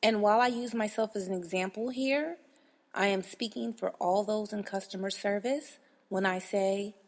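A woman hosts a casual monologue, blunt and exasperated, with frank profanity. Her mid-pitched voice has a gravelly fry, and it rings with long hall reverb. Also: steady tone, moderate pace. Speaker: podcast host.

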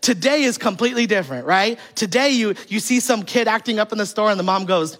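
A pastor preaches in a relaxed, conversational way, slipping into funny stories about home life and acting out bits of family dialogue. The sermon keeps turning to the congregation with rhetorical questions. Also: mid-range voice, quick pace, hardly any pauses.

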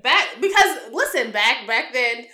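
A young woman chatting on a podcast with a fairly high voice that swings up and down a lot. She tells stories in a playful, animated way and trades jokes with her co-host. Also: measured pace. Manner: playful, animated storytelling with laughs. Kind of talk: casual chat.

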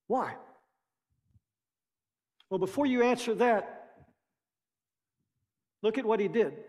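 A man preaching a sermon as lead pastor, animated, with playful voiced asides. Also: sits high, slow pace, big-room sound.

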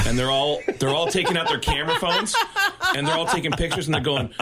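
An animated male comedian telling a story as a radio guest. His voice sits a bit high and swings widely in pitch as he jumps into the characters' lines. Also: quick pace.

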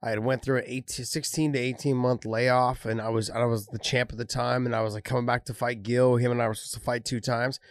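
A man's voice: mid-range voice, little pitch movement, quick pace, few pauses, no room sound. A man and former fighter chatting casually, acting out what he said mid-fight. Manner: storytelling, acting out quoted lines with laughs. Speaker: former fighter, podcast co-host. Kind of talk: casual chat.

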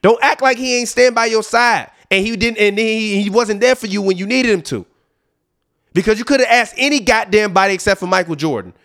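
A man hosting a sports podcast, ranting emphatically with lots of profanity and swinging between loud outbursts and low asides. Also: a little fast. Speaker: podcast host. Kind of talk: heated sports rant.

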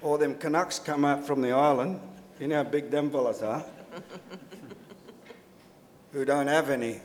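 A man's voice: fairly high pitch, steady tone, unhurried, a little hiss or hum. A man with an Australian accent, speaking bluntly and emphatically on a forum panel, telling stories with dry humor. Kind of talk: panel discussion. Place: lecture hall at a public forum. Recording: reverberant lecture hall.

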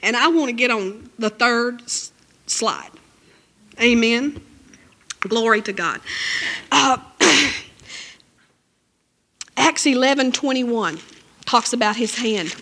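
A woman's voice: fairly high pitch, slow, long pauses, bright, forceful tone. A woman preaching a sermon in church, emotional and fervent, with frequent amens and hallelujahs.

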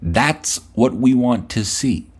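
A man's voice: medium pitch, expressive, slow, slightly rough. A male podcast host delivering a blunt, profane, scolding rant at the listener. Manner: blunt, scolding, heavy swearing.

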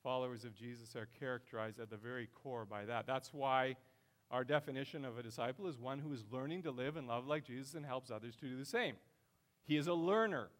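A middle-aged man preaching a sermon with passion, his voice swelling loud and high as he drives his points home. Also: steady tone, fast. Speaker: pastor.

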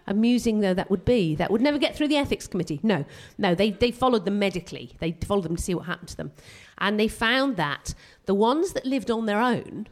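A woman doing a live stand-up set on a theatre stage, self-mocking and excitable, tripping over her own restarts. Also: medium pitch, brisk, few pauses. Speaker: stand-up comedian.

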